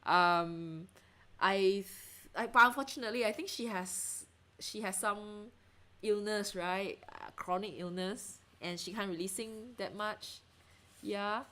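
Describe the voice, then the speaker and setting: At a measured pace and with a sharp tone, a woman speaks in a medium pitch as she paints on a livestream. She's from Singapore, probably in her thirties, and she reads viewer comments, chatting casually, laughing frequently and trailing into fillers.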